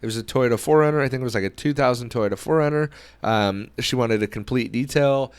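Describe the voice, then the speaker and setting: A male podcast host telling a story in a casual, animated way, acting out the people in it. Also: mid-range voice, fast, clear, resonant tone, dry recording. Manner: animated storyteller who acts out quoted dialogue.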